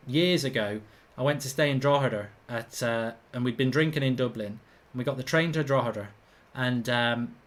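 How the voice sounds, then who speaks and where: A man's voice: medium pitch, a bit bright. A middle-aged man from England hosting a live football watchalong, reading viewer comments and bluntly ranting about the referee in colloquial talk.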